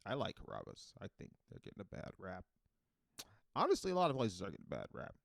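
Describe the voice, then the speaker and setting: A man hosting a solo comedy podcast, rambling in a deadpan, self-mocking way. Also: lowish voice, fast talker, vocal fry, dry recording.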